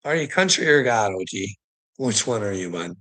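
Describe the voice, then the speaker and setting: A man's voice: lowish voice, big pitch swings, moderate pace, a bit bright, rough recording. A man streamer giving a rambling, profane, exasperated rant to his viewers in a casual livestream.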